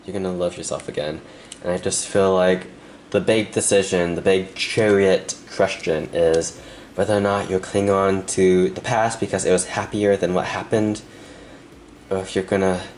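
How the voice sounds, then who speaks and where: A young man with a deep, low voice gives a pick-a-card tarot reading, speaking softly and earnestly to the viewer. He leaves pauses between thoughts and turns emotional at times. A faint hum runs under the recording. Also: steady tone. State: emotional, close to tears. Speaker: tarot reader.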